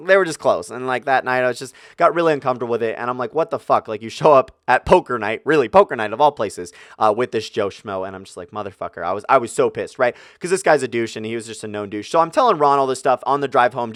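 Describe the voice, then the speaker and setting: Fast-talking, foul-mouthed young man ranting. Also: mid-range voice, fairly bright tone, clear, resonant tone, no echo, studio quality. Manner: profane, ranting, acts out his own outbursts. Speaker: vlogger. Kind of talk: casual storytelling.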